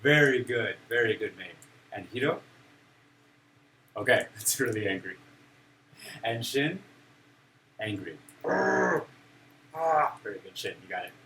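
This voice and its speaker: A male teacher leads a classroom of young children in simple English, playful and encouraging as he acts out emotions. His voice is on the low side, pushed and bright, unhurried, with frequent pauses. A distant mic picks up room noise.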